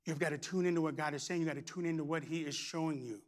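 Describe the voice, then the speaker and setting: A middle-aged man, preaching a lively, playful sermon with shouts and humor. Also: a little high, rapid-fire. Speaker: pastor.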